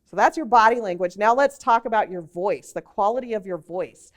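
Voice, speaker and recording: A woman teaching a workshop on job interview skills, lively and conversational, with demonstrations and asides. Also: medium pitch, brisk. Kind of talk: workshop presentation to a group.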